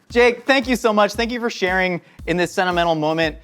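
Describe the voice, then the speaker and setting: Jokey, excitable young man cooking. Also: high voice, moderate pace. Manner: jokey, excitable, talks to the crew. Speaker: cooking show host. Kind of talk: casual cooking demonstration.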